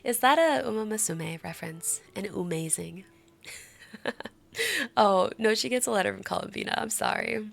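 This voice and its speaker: A young woman chatting to her live-stream viewers, bubbly and quick to giggle. Her voice has a slight gravelly fry to it. Her pitch swoops up and down as she gushes. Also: lively intonation.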